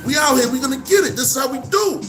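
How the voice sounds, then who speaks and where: Brooklyn guy vlogging, very high voice, animated shout-outs, music clearly playing behind. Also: fast. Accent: New York, Brooklyn. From Brooklyn, New York. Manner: animated, repetitive shout-outs and street slang. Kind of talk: casual direct-to-camera monologue.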